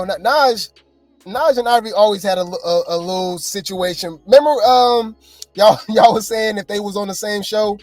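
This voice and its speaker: A woman in a mid-range voice gives casual, slangy gossip commentary and talks straight to her viewers as y'all. The mic is close and dry, with soft music underneath. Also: medium pitch, no echo.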